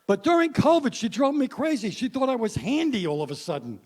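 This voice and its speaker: Stand-up comic, male, 60s, high-pitched, wry punchy delivery, works the room. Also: sing-song, brisk, darkish tone. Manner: punchy, wry, addresses the crowd. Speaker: stand-up comedian. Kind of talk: stand-up comedy set. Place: stage before a live audience.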